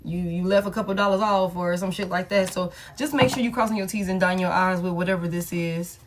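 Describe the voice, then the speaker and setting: A woman's voice: on the low side, fairly even intonation, fast, slight background noise. A woman giving a casual tarot reading in a blunt, repetitive, slangy way, often saying "you know what I'm saying,". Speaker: tarot reader.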